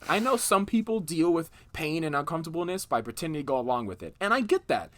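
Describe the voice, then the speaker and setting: Animated young woman telling blunt dark stories. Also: low voice, fast talker, dry recording. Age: young adult. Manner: blunt, darkly joking, swears freely. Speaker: podcast host. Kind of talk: casual storytelling chat.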